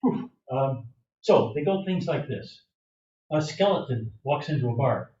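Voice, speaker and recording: A man's voice: medium pitch, animated, measured pace, dark tone, slight background noise. An older man, a senior acting student, telling a string of jokes to a class audience and playfully acting them out with gestures. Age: older adult. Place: performance room. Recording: echoey room, distant mic, dull sound.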